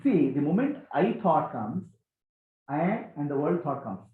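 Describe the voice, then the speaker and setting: A man giving a spiritual talk to a gathering, animated and questioning, repeating key phrases. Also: fairly high pitch, measured pace. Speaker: spiritual teacher. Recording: echoey, tinny phone-like sound.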